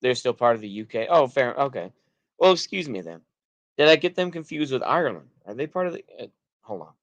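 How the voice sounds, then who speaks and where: Texan dude streaming kinda drunk, average pitch, rambly, dry close mic sound, keeps trailing off and restarting. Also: male voice, sing-song, fairly quick, dry recording. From United States. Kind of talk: rambling livestream talk reacting to chat.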